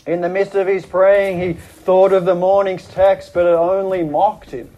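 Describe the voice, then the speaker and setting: A man's voice: steady tone, unhurried, hardly any pauses, dark tone, muffled recording. A man preaching a sermon, earnestly retelling a story with dramatic drops and rises in his voice. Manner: earnest, dramatic retelling, voice dropping low and rising in quoted prayers. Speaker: pastor.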